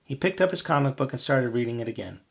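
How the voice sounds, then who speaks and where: A man reads a children's chapter book aloud with lively ups and downs in his pitch. His voice has a gravelly edge, and the recording sounds a little dull and muffled. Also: quick pace. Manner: lively, voices characters with higher shouts. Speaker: audiobook reader.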